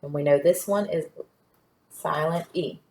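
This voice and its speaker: A woman teaching a phonics lesson to young children, patient and sounding out word parts slowly. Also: sits low, creaky, darkish tone. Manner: slow, patient, stretching out sounds. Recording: echoey room.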